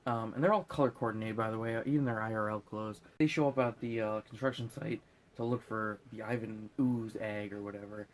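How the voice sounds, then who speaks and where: A man's voice: fairly low pitch, fairly even intonation, brisk, a little hiss or hum. A drunk man hosting a casual movie recap, rambling and swearing as he goes. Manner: rambling, swearing, laughing at his own jokes.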